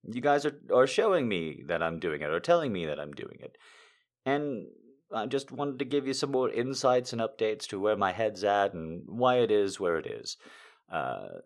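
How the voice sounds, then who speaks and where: Excitable, swearing man with a lively voice. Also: mid-range voice. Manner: excitable, swearing, rambling with restarts. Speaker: content creator. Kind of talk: casual personal update to followers.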